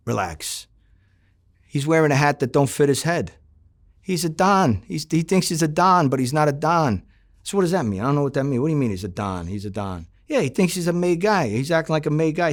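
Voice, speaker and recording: A man's voice: on the high side, animated, brisk. A middle-aged man, a former undercover agent, telling his story in an interview, acting out quoted dialogue and swearing freely.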